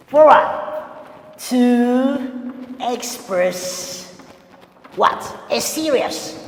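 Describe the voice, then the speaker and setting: A male teacher gives a classroom English lesson, speaking slowly with a gravelly edge. His pitch swings widely as he quizzes the class and repeats key points. The sound is roomy, with a long reverb trailing behind him. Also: slight background noise. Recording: echoey hall with long reverb.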